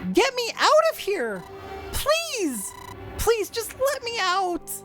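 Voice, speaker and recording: A narrator voicing a terrified young woman who screams and pleads in a high, breaking voice while reading a visual novel aloud. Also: lively intonation, slow, over music. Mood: screaming.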